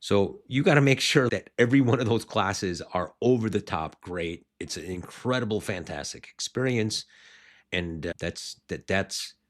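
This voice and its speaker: Deep-voiced man giving animated business advice. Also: moderate pace. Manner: animated, rambling, restarts mid-sentence. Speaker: martial arts school owner. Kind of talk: podcast business coaching.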